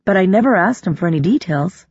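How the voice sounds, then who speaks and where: A woman's voice: medium pitch, lively intonation, fast, a little mellow, slightly rough, no echo, highs cut off, pitched above the performer's own voice. A reader voicing a worried wife who speaks hesitantly and earnestly about her husband. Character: woman, wife of a crew member, worried.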